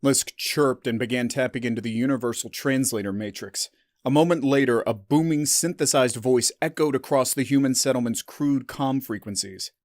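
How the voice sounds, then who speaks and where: A man's voice: mid-range voice, moderate pace, no room sound. Man narrating a sci-fi story, dry and close.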